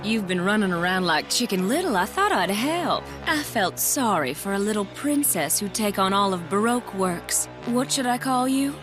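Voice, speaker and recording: A woman's voice: mid-range voice, very animated, moderate pace, hardly any pauses, over music, natural voice. A woman voicing a taunting adult female villain in an anime dub, teasing and sneering.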